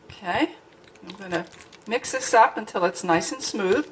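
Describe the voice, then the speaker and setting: A woman's voice: medium pitch, moderate pace, a little hiss or hum, low-quality recording. A woman chatting casually in her home kitchen as she mixes and tastes her baking for a cooking vlog. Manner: relaxed, chatty, talks while tasting food. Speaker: vlogger.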